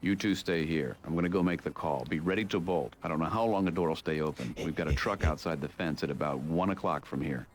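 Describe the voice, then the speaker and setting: An actor playing a calm male leader who gives steady, clear instructions. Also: very deep voice, quick pace, few pauses, slight background noise.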